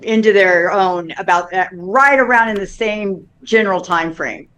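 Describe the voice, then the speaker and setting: A woman's voice: medium pitch, normal speed, a bit bright. A woman co-hosting a casual podcast chat, rambling, restarting her sentences and making crude jokes. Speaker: podcast co-host.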